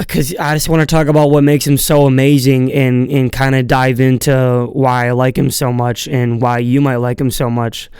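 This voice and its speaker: A man's voice: medium pitch, a little mellow, smooth, dry recording. Young male podcast host, freshly woken, loose filler-heavy chat; rich clean tone, dry close sound. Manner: rambling, filler-heavy, swears casually. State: just woke up, voice a bit groggy. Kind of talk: casual solo podcast monologue.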